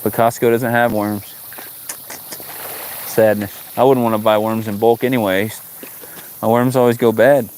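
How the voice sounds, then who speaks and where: A man's voice: lowish voice, flat delivery, normal speed, pauses often, a little mellow, slight background noise. A man hosting a fishing livestream outdoors, chatting casually with viewers and joking in exasperation at the fish. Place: outdoors by the water.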